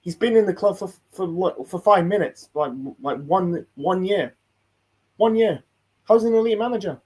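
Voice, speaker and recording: Male streamer host, high husky voice, rambling, heated, sweary reaction rant. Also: moderate pace, darkish tone. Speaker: host reacting to a football video. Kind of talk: casual live-stream rant.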